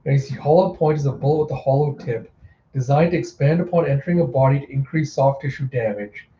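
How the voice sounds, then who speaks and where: A man hosting a casual, chatty readthrough of a comic, narrating the panels in an animated way. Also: mid-range voice, fast, slight background noise. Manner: chatty, animated, self-interrupting. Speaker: host. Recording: roomy, slightly dull home recording.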